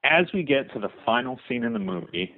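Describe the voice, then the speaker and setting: A young man leaving a voicemail for a podcast, telling a story in an animated way. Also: a little high, brisk, vocal fry. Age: young adult. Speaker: caller. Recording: tinny phone line.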